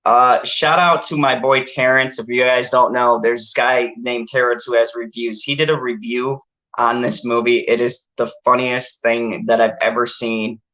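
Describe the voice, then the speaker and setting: A man's voice: medium pitch, flat delivery, normal speed, bright, forceful tone, poor audio. A man hosting a casual movie review chat, rambling and laughing with plenty of filler words. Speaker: channel host.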